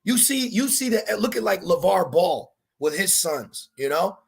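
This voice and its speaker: Gravelly, husky man preaching casually. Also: sits high, big pitch swings, measured pace. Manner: casual slangy preaching, repeats "man" and "all right". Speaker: street preacher. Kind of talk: informal sermon.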